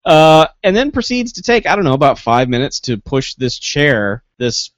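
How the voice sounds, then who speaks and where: A man co-hosting a casual movie review chat, animated and acting out lines. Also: a little high, normal speed, no echo, highs cut off. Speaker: podcast co-host.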